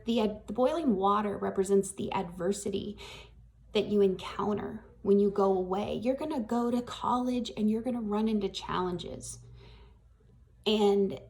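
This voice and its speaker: A woman from Northwest Arkansas, telling a reflective story in an unhurried way as a graduation speaker. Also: mid-range voice, darkish tone. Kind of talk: storytelling speech.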